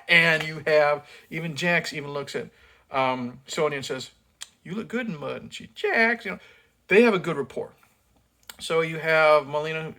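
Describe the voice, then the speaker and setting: A man's voice: a little high, a bit bright. A man giving a casual, profane film review rant, blunt and sarcastic, with many fillers as he mocks the acting.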